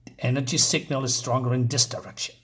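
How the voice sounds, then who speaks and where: Cold disdainful minder guy, flat comic read-aloud, as a man reads him out. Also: mid-range voice, fast talker, pitched below the performer's own voice, lightly acted. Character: cold, disdainful male agent sent as a minder.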